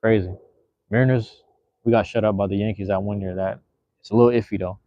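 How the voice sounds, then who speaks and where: A man's voice: on the low side, fairly even intonation, fast, mellow, lo-fi sound. Laid-back man rambling on a livestream. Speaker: livestream host. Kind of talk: casual solo livestream chat.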